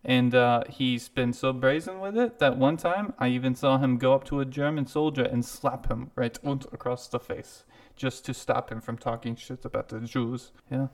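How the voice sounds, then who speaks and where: A man's voice: medium pitch, steady tone, normal speed, close to an everyday voice. A man voicing a gushing, affectionate family friend who chuckles as he praises a rescuer.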